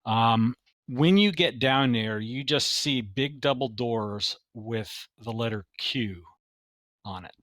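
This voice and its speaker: A man narrates a tabletop game as game master, taking his time and filling pauses with "uh". His voice is bright and the sound is dry and close. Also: medium pitch, no echo. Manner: slow, many "uh" fillers.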